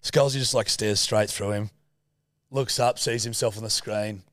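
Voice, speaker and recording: This Australian man in his thirties keeps a steady tone and moderate pace, his lowish voice a bit bright. Chatting casually on a podcast, he tells a rowdy story, curses freely and acts out the characters' voices. Studio-clean, with no room sound.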